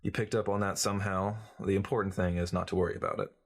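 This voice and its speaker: A man's voice: deep voice, flat delivery, fast, vocal fry, husky, full character voice. A man reading as a glib, cynical journalist who lectures breezily in an audiobook. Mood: lecturing. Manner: breezy, lecturing, know-it-all.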